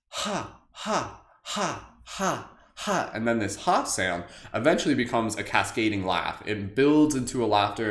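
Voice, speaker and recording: A man's voice: on the low side, fairly bright tone, roomy sound. A man hosting a live group meditation in a casual, joking way, rambling with lots of "like". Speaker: meditation host. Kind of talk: casual guided meditation livestream.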